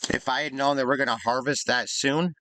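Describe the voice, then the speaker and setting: A man's voice: mid-range voice, fairly even intonation, a little fast, pushed and bright, no room sound. A man casually commenting on his life-sim gameplay, thinking aloud in an easygoing, chatty way. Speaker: gaming YouTuber.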